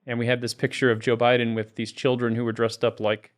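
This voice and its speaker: Male podcast host, mid pitch, upbeat, casual chat delivery. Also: flat delivery, fast.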